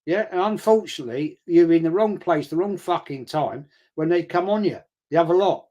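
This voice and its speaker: A man's voice: on the high side, a little fast, warm tone. An older man, hosting a football watch-along and telling blunt, sweary, confrontational stories in casual chat. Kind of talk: casual live-stream chat.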